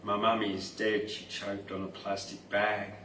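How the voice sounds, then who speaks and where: A grieving young sea turtle pleads with the humans, slow and sorrowful , as a man reads it out at a poetry night. The voice sits low and drags along, caught by a mic set well back in an echoey room with a faint hiss. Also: steady tone, a bit bright. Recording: roomy distant mic, faint noise.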